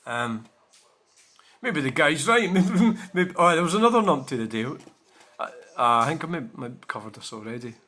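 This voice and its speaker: A man's voice: mid-range voice, expressive, fairly quick, bright, forceful tone. A man chatting casually to his viewers, rambling with many fillers and restarts. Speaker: channel host. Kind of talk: casual chat to camera.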